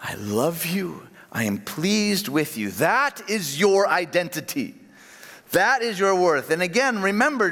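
A pastor preaches with a lively, swinging delivery in a slightly high voice, sinking low and quiet to land his key phrases. His words ring out with a long reverb from a large church hall. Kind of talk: sermon.

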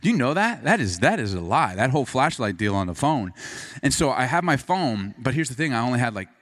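A man preaching a sermon, telling a self-deprecating personal story with lots of energy and then turning quiet and earnest as he moves into scripture. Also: mid-range voice, big pitch swings, brisk. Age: adult. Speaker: pastor.

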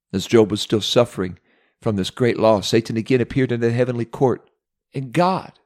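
A man's voice: lowish voice, a little mellow. A man preaching a sermon, retelling a Bible story with dramatic pacing and acted character voices.

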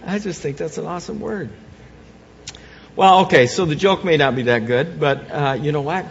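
A man's voice: normal speed, gravelly, slight background noise. Man preaching in an echoey, dull hall. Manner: swings from soft, low reflection to loud, raised preaching; repeats words and restarts phrases. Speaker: pastor. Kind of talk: Easter sermon. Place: church sanctuary.

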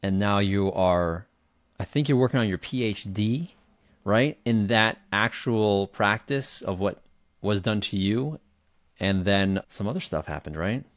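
A man's voice: on the low side, measured pace, dry recording, clean studio sound. A man hosting a podcast, asking his guest questions in a checking tone. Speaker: podcast host. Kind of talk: interview questions.

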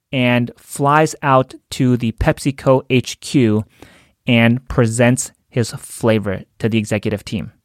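A man's voice: mid-range voice, dry recording, studio quality. A man in a conversational storytelling talk who chuckles as he goes. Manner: conversational, chuckles while telling.

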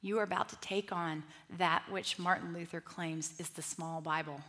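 A middle-aged woman leading a Bible study group, talking in a lively, conversational way with asides and restarts. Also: lowish voice, normal speed. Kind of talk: teaching talk to a group.

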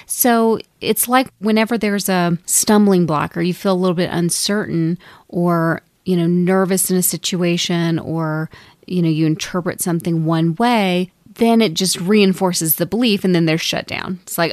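A woman co-hosting a podcast as a medium, talking casually with many fillers and lively quoted asides. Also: fairly low pitch, normal speed, no echo, studio quality. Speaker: podcast co-host, psychic medium.

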